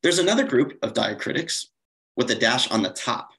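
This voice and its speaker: A man's voice: mid-range voice, very animated, moderate pace, creaky, sharp tone, rough recording. A man giving a slide-based conference lecture, explaining steadily with occasional fillers and self-corrections. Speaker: conference presenter.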